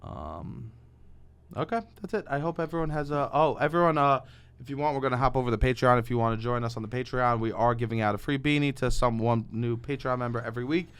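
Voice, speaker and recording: A man's voice: mid-range voice, fast, clean tone. A man co-hosting a podcast in casual chat, joking and bantering playfully. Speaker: podcast co-host.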